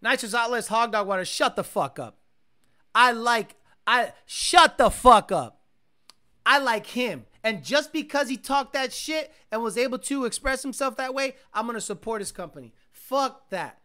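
A man who tunes cars, chatting casually on a livestream, reading viewer comments aloud and ranting excitably with plenty of swearing. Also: very high voice, moderate pace. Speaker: car tuner livestreaming.

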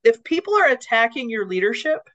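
Speaking a little fast in a fairly high voice, this woman co-hosts a relaxed leadership podcast, animatedly recounting stories and performing the lines people said. Her recording sounds dull and lo-fi.

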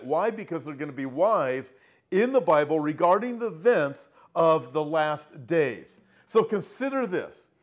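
A middle-aged man preaching an earnest prophecy sermon, slowing down and rising in pitch as he reads scripture aloud. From Southern California. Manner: earnest, emphatic, slows down and rises when reading scripture.

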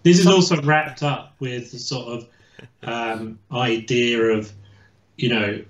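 A guest historian on a video call explains things casually, slowly and hesitantly, restarting often. His mid-range voice stays fairly even, and the lo-fi audio sounds echoey and dull.

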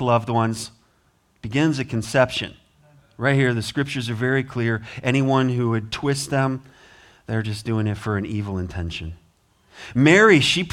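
A man's voice: mid-range voice, a bit bright. A man preaching a sermon as pastor, earnest, with rising emphasis, American accent. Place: church sanctuary.

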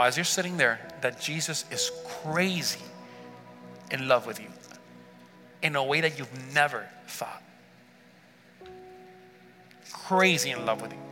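A man's voice: mid-range voice, in a large hall. A man preaching a sermon to a congregation, earnestly asking them rhetorical questions. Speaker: pastor. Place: church sanctuary.

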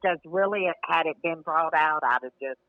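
A man's voice: fairly high pitch, moderate pace, no room sound, dull audio. An older man, telling stories as a podcast guest in a laid-back, rambling way. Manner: laid-back, rambling, hedges with "you know". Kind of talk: casual storytelling chat.

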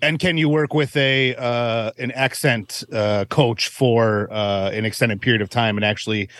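A man co-hosting a podcast, joking in casual banter and quick to laugh. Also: mid-range voice, steady tone, a bit bright. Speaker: podcast co-host.

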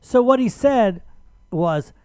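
A man hosting a radio talk show, telling an argumentative story in casual chat with animated emphasis. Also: extremely high pitch, slow pace, clear, resonant tone, dry recording.

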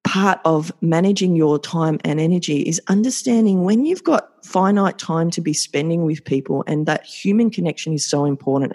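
A man's voice: fairly high pitch, a little mellow. A man hosting a solo podcast, talking in an upbeat, effusive and motivational way and repeating words for emphasis. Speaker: podcast host.

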